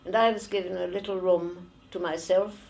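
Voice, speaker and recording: A woman in her nineties with a German accent, giving oral history testimony slowly and haltingly, with many pauses and fillers. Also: on the low side, fairly even intonation, vocal fry, a little mellow, slight background noise, poor audio. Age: 90s. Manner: slow and halting, with frequent fillers. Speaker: interviewee, former refugee.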